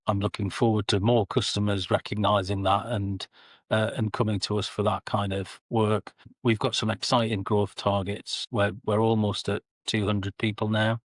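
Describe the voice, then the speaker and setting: A middle-aged Geordie man talks as an interview guest, spinning amused anecdotes in a casual way. His voice sits low and stays fairly flat in pitch. The sound is close and dry. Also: no echo. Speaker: guest, sales and customer success director.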